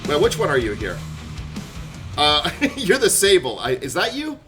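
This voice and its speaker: A man's voice: on the high side, huge pitch swings, a little slow, sharp tone, soft background music. A young adult man from Montreal, live-streaming a game and chatting casually and jokingly with his chat. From Montreal, Canada. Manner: chatty, jokey, reads and answers chat.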